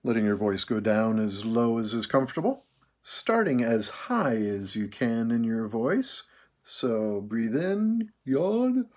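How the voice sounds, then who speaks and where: Slow, calm male choir director. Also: medium pitch. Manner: slow, calm, counting out breathing exercises. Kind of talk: leading vocal warm-ups.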